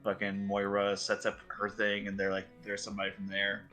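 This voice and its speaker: A man's voice: on the low side, completely flat delivery, a little fast, sharp tone, faint music behind. A man chatting casually as a tabletop game player, rambling with lots of fillers and swearing. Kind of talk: casual chat.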